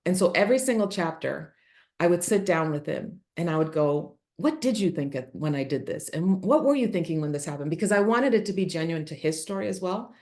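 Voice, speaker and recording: A woman's voice: lowish voice, expressive, a little fast, darkish tone. A middle-aged woman, a podcast guest, telling a personal story earnestly and emotionally, acting out what she and her son said. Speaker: podcast guest, author and speaker. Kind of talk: candid interview storytelling.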